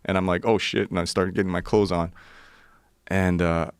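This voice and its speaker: A man in his forties with a low voice, a podcast guest telling a profane, vivid story in casual talk. The sound is close and dry. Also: level tone, moderate pace, clean tone, dry recording.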